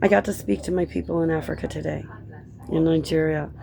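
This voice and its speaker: A woman who grew up in Colorado, talking casually in a rambling vlog chat that drifts between tangents and gentle encouragement. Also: sits low, steady tone, a little fast, creaky, background noise. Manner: chatty, tangent-prone, encouraging. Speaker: vlogger and author.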